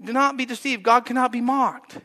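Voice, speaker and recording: A man preaching a sermon, animated, acting out the prayers he quotes with rising and falling pitch and loudness. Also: a little fast, in a large hall. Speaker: pastor.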